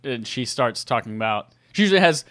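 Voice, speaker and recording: A man's voice: medium pitch, lively intonation, brisk, background noise. A man co-hosting a podcast, chatting casually and trading playful jokes. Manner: joking, playful banter. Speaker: podcast co-host. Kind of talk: casual chat.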